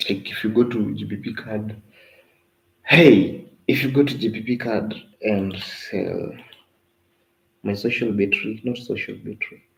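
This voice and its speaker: Gravelly man talking through charts. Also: lowish voice, little pitch movement, normal speed, poor audio. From Kenya. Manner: loose, chatty, mixes in Swahili phrases. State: tired, voice going. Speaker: forex trading analyst. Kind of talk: casual live chart analysis.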